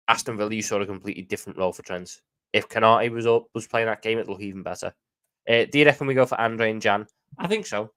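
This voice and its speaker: A man's voice: lowish voice, fairly bright tone. Chatty Scouse man streaming. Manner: chatty, reads out viewer questions and answers them off the cuff. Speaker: streamer answering chat. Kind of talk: casual live-stream chat.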